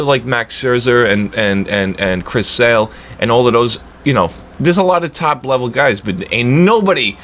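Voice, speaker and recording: A male game streamer in a casual, profane rant that swings between low grumbling and loud, high-pitched outbursts. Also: slight background noise. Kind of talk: casual ranting chat while streaming.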